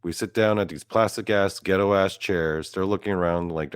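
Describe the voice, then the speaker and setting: A man's voice: low voice, steady tone, normal speed, hardly any pauses, clear, resonant tone, no room sound, studio quality. A young man from South Korea doing a profane, mock-boastful stand-up rant, quoting his friends in asides. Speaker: comedian.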